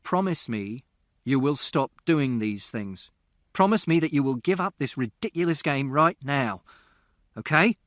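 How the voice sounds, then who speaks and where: Man playing stern shouting father, scolding, dry close sound. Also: medium pitch, expressive, a little slow, dry recording. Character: stern, short-tempered father at the supper table.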